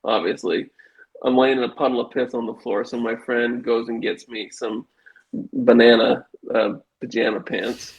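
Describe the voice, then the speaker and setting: A man's voice: mid-range voice, moderate pace, rough recording. Middle-aged guy telling a crazy story to a buddy, swears a lot, does the voices. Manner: animated, swearing, acts out quoted voices. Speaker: guest telling a life story. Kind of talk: casual conversational storytelling.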